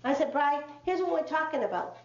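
A woman speaker telling a story to a live audience, acting out the dialogue in an animated way. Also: high voice, brisk, slight background noise. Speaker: speaker on child behavior. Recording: roomy, slightly dull hall recording.

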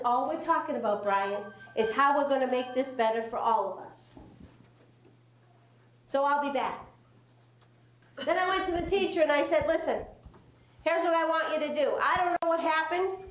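A woman with a high voice tells a story to a live audience, acting out each line of dialogue with lively energy. The sound is roomy and a little dull, as if picked up in a hall with faint background noise. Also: moderate pace, long pauses. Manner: animated, acts out dialogue. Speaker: speaker on child behavior.

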